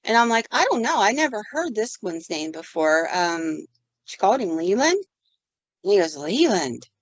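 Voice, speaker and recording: A woman's voice: medium pitch, very animated, moderate pace, no echo, lo-fi sound. Chatty woman telling a ghost story. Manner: chatty, acts out voices in her stories. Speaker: podcast host. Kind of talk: casual storytelling.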